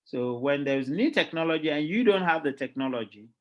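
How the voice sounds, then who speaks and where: A middle-aged man with a Ghanaian accent, giving a lively classroom lecture as a university lecturer and often checking in with his students. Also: on the high side, fairly quick. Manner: lively, keeps checking in with "all right?" and quizzing students.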